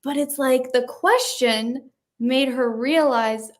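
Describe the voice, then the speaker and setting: A woman interviewing a guest in a relaxed chat, animated and laughing often. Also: sits high, slow pace. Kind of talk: casual conversation.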